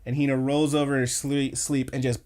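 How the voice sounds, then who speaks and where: A man of middle pitch talking loosely on a podcast, recapping scenes in a relaxed, rambling way. He swears freely and drops into brief quoted lines as he tells the story. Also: a little fast, over a noisy crowd. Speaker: podcast co-host. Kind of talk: casual anime recap chat.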